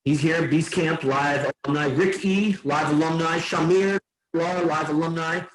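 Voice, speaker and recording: A man's voice: fairly high pitch, steady tone, unhurried. A man hosting a podcast, talking loosely and meandering, swearing now and then. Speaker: podcast host. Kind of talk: casual rambling chat. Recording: roomy echo.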